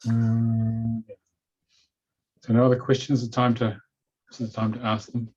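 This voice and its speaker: A man with a New Zealand accent hosting a webinar over a video call, chatty and relaxed. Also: medium pitch, fairly quick, breathy edge. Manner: relaxed, chatty, says "okay" a lot. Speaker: webinar host. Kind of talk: casual webinar talk. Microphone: computer mic on a video call. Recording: dull lo-fi video call audio.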